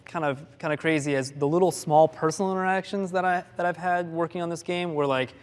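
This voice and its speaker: Dev guy on a panel, slightly high voice, animated anecdote, laughs a lot, roomy hall sound. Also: fast talker, clean tone. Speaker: game developer on a panel. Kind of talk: live panel talk. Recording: long hall reverb from a live panel.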